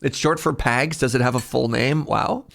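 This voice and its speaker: A man's voice: medium pitch, unhurried, vocal fry, fairly bright tone. A man streaming live, chatting casually with his viewers in a jokey, talkative way and laughing often.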